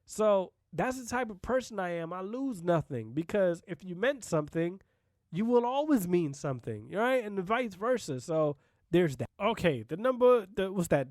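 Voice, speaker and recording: A man's voice: high voice, darkish tone, no room sound, studio quality. A man hosting a solo podcast, talking bluntly and casually, with profanity and frequent "you know what I mean" asides. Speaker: podcast host.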